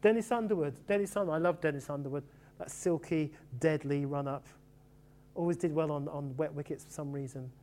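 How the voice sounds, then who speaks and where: Fast-talking man reminiscing about cricket. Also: a little high. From England. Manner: animated, quick storytelling with fond asides. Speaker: author reflecting on cricket. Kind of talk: casual reminiscing talk.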